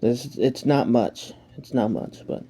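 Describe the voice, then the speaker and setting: A man's voice: mid-range voice, a little slow, dark tone. A man casually reacting to a video at home, rambling, swearing and making self-mocking jokes.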